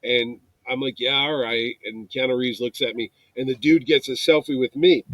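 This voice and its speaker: A man's voice: mid-range voice, normal speed, no echo, rough recording. A man in his fifties from New York, a convention producer telling stories in casual chat and acting out the voices of the people he quotes. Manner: animated storyteller, acts out quoted voices.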